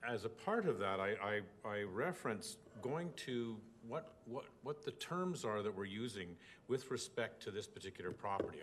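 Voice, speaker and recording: A man speaking as a city councillor in a formal council debate. He talks in a measured, methodical way with hesitant restarts, at a council chamber desk microphone. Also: lowish voice, expressive, slight background noise.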